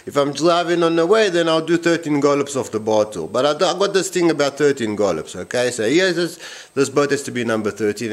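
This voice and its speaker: A man who builds boats talks through his boat in a casual vlog from his workshop. He rambles, restarts and repeats phrases, with a voice of ordinary middle pitch. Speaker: boatbuilder.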